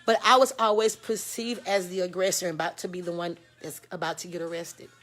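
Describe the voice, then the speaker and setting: A Texas woman, candidly telling a personal story, frank and profane, swinging from loud outbursts to hushed lows. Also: steady tone, fairly quick. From Houston, Texas. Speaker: host.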